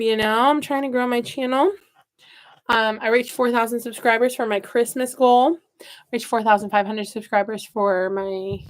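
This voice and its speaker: Midwest lady doing a fake southern twang, kinda high voice, chatty and goofy, talks to her plants. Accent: put-on Southern US. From American Midwest. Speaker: gardening channel host. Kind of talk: casual live-stream chat while working.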